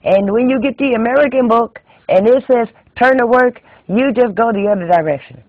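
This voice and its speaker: A woman's voice: fairly high pitch, normal speed, no echo, voice pushed up, close to an everyday voice. A man voicing a stern older female knitting teacher who scolds and corrects, in a tinny, dry, phone-like recording. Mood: scolding. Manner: bossy, scolding, emphatic.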